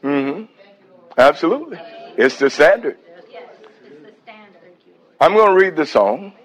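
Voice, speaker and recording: A man's voice: fairly high pitch, animated, takes it slowly, fairly bright tone, rough recording. A man preaching a sermon, breaking into calls of praise and reading a hymn aloud.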